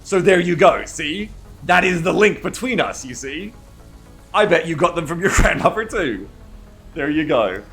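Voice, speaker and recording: A man's voice: on the high side, animated, moderate pace, fairly bright tone, soft background music. Rambling, foul-mouthed male streamer. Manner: rambling, swears freely, reads chat aloud. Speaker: streamer reading chat. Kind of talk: casual livestream chat.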